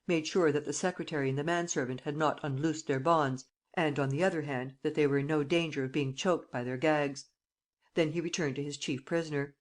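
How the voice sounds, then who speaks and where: A woman narrating an audiobook with an even, measured reading. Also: sits low. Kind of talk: scripted narration.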